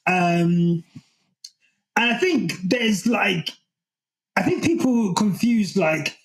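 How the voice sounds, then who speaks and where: Gravelly man hosting a podcast. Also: high voice, expressive, slow, poor audio. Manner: rambling, many ums, laughs. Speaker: podcast co-host. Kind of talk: casual podcast chat.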